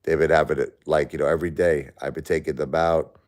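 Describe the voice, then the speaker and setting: A man with an extremely deep, low voice talks straight to his viewers on a live stream. He sounds grief-stricken and stressed, halting and repeating words as he goes. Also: flat delivery, darkish tone. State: grieving, stressed. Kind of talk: emotional live-stream chat.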